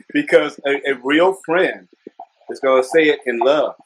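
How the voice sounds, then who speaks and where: A man hosts a relaxed interview in a friendly, affirming way and brings in Bible passages as he talks. Faint noise sits under his voice. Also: on the high side, unhurried. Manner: friendly, affirming listener who quotes scripture. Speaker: interview host. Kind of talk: casual conversational interview.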